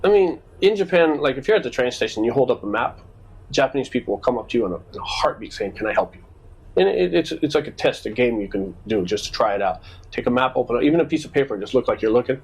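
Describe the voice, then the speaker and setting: A man's voice: medium pitch, quick pace, husky, low-quality recording. A man chatting casually on a podcast, telling stories and acting out the people in them. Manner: animated storyteller acting out quoted exchanges. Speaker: podcast co-host. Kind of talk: casual storytelling chat.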